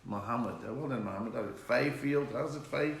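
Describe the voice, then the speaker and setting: With a mid-range voice, vocal fry and normal speed, a middle-aged man chats his way through a casual home live stream. He jokes, reads out viewer names and greetings, and welcomes people by name. The audio carries faint noise and a roomy echo.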